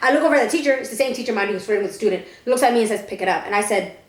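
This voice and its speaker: On a casual podcast she co-hosts, a young woman races through blunt, profanity-filled stories. Her pitch runs high, and the audio is reverberant.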